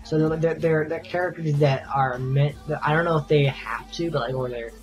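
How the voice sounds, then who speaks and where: Male vlogger, slightly high voice, casual rambling review, muffled lo-fi audio. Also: fairly even intonation, moderate pace, faint music behind. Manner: rambling, enthusiastic, stop-start phrasing. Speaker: movie reviewer.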